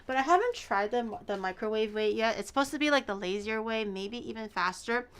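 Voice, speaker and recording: Chatty high-voiced woman streamer. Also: animated, fairly quick, a bit bright, smooth. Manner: chatty and rambling, exaggerated reactions. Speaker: streamer cooking live. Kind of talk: casual livestream chat.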